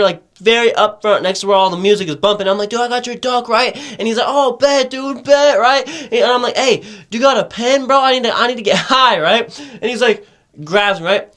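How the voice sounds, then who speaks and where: A young man with a high, light voice tells a long, rambling story in casual podcast chat. He swears freely and keeps checking in with his listener, his delivery loose and animated. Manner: rambling, profane, animated storytelling with lots of "right?". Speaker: podcast host telling a story.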